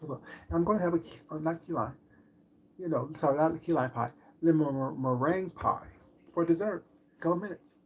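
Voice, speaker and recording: Sassy, gravelly-voiced middle-aged man. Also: fairly high pitch, fairly quick. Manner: sassy, boastful, flamboyant. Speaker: food vlogger. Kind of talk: casual live-stream chat.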